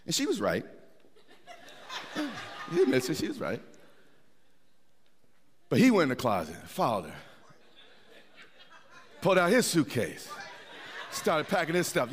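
A man's voice: fairly high pitch, huge pitch swings, a little slow, long pauses. A middle-aged man preaching a sermon in a church, conversational, with repeated words and restarts. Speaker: pastor. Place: church sanctuary. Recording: long hall reverb.

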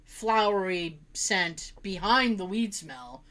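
A woman telling a long funny family story in casual chat, animated and laughing often. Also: mid-range voice, slow pace. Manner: animated, laughs often, acts out relatives' voices.

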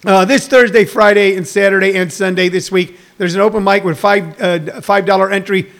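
Here a sixty-something comedian on a live stream wanders jokily through stories and news, speaking right to his viewers. The voice sits high and is fairly bright, steady in tone, with vocal fry and a normal pace.

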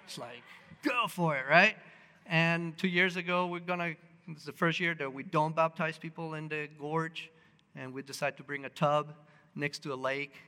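A man's voice: on the high side, moderate pace, long reverb tail. A man preaching a sermon, telling personal stories with lots of fillers and restarts, acting out what people said. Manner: animated, acts out quotes, many fillers and restarts.

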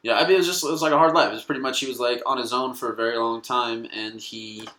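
A man's voice: medium pitch, fairly even intonation, fast talker, sharp tone, reverberant, slight background noise. Rambling, cursing man. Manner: rambling, profane, laughing often. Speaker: comedian guest. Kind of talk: casual podcast chat.

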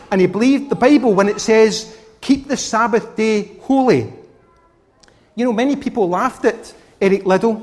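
A man preaching a children's sermon who asks the children questions and coaxes answers from them. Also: sits high. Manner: animated, questioning the children directly. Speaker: preacher giving a children's talk.

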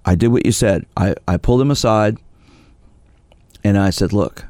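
Deep-voiced man hosting radio talk. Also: moderate pace, dark tone, dry recording, studio quality. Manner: conversational, retelling client stories with many restarts. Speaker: sports psychologist radio host. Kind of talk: radio talk show monologue.

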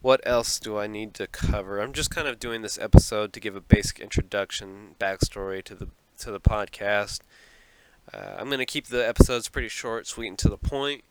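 A man's voice: fairly low pitch, slight background noise, rough recording. A man hosting a solo podcast from a small closet, rambling and self-deprecating and often laughing at himself. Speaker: podcast host.

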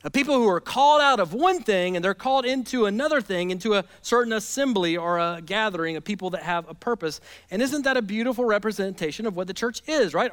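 A male pastor, preaching a conversational sermon with lively asides. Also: sits high. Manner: animated, conversational preaching with repeated "man" and "right?".

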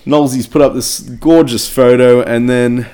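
A man co-hosting a relaxed chat, his voice at an ordinary middle pitch. He banters with friends and reads listener comments aloud. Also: normal speed, clean tone. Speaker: podcast co-host. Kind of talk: casual chat.

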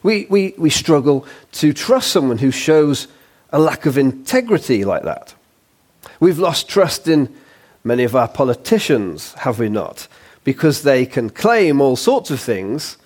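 Chatty male preacher, higher voice. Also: breathy edge. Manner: chatty, informal, with frequent ums and rhetorical questions. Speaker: guest preacher. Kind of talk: sermon.

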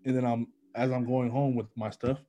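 A young man in casual chat, telling a story in animated, profanity-laced slang. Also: mid-range voice, normal speed, poor audio.

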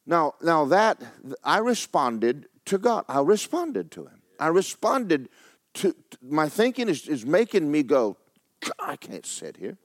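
A middle-aged man preaching a sermon in folksy storytelling, swinging from hushed tones to excited shouting. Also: on the high side, a little slow, no echo.

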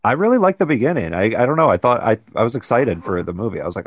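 A man co-hosting a casual podcast, low-key and trailing off, swearing casually. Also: expressive, rapid-fire, no room sound, clean studio sound. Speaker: podcast co-host. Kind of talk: casual chat about a film.

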